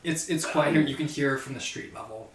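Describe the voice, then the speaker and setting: A man's voice: mid-range voice, a little fast. A man narrating a tabletop game as game master, describing scenes in a loose, hesitant way with many fillers. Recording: roomy, distant mic with faint noise.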